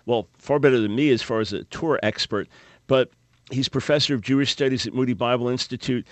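A man in his late fifties hosts a call-in radio show, speaking earnestly and cheerfully, often doubling back on a word mid-sentence. His voice sits in an ordinary middle pitch. The studio sound is dry and close. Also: brisk, no echo. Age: 50s. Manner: earnest, upbeat, repeats words when restarting. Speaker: radio talk show host. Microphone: studio microphone.

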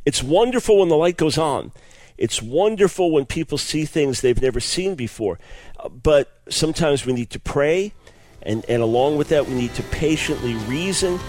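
A man's voice: a little high, animated, normal speed, a little mellow, soft background music. A man hosting a radio broadcast, explaining his subject in an earnest, enthusiastic teaching monologue with frequent word repeats. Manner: earnest, enthusiastic, repeats words when restarting. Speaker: radio show host.

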